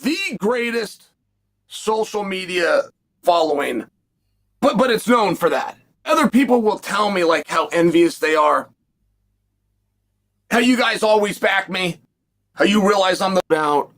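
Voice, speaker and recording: A man's voice: high voice, lively intonation, a little slow, long pauses, fairly bright tone. A man in a played clip, recounting a phone argument and acting out the quotes as he tells it. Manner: storytelling, acts out quotes. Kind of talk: recounting a story to camera.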